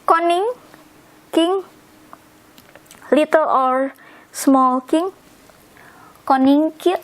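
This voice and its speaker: Over poor audio, a high-voiced woman who speaks Indonesian as her first language explains vocabulary slowly. She works as a language teacher, and in this slow instructional talk she repeats each word deliberately and spells out the endings.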